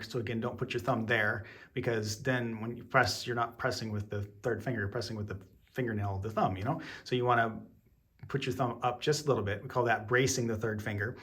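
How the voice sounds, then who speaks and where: A man's voice: mid-range voice, fairly bright tone. A man giving an online piano lesson, explaining each step patiently with plenty of ums and okays. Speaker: piano teacher. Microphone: camera mic.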